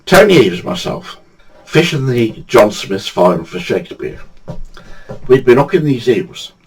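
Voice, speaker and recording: A man's voice: medium pitch, very animated, a little slow, slightly rough, rough recording. An older man from England, telling funny true anecdotes in a chatty, casual way and laughing at his own stories. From England, Badsey. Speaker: storyteller.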